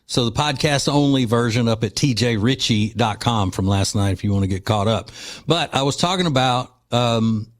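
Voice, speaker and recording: A man's voice: mid-range voice, moderate pace. Male radio host, mocking and combative, scornful opinion monologue. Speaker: radio talk show host.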